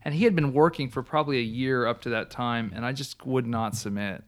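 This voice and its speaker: A man telling his personal testimony in a casual talk, an animated storyteller who restarts often and laughs along the way. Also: medium pitch, brisk.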